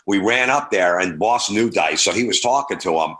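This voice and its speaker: Brief: male stand-up comedian guest, lower pitch, bright tone, animated storytelling. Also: fast talker, few pauses. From New York. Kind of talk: casual anecdote telling.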